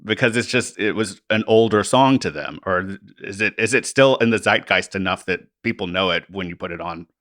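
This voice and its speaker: A man's voice: sits low, fairly quick, hardly any pauses, a bit bright, no echo, studio quality. A young man interviewing his former band director, asking long, carefully hedged questions.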